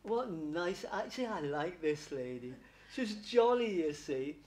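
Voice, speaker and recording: A medium at a spiritualist service chats fondly with his audience, laughing often and addressing them as darling during a platform reading. His voice is a bit high, expressive, and darkish, and he speaks a little slowly.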